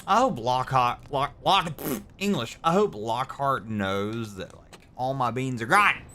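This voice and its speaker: A man streaming a game live, muttering to himself with frustrated sighs and sudden loud outbursts. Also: mid-range voice, animated, measured pace, slight background noise. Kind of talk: live gameplay commentary.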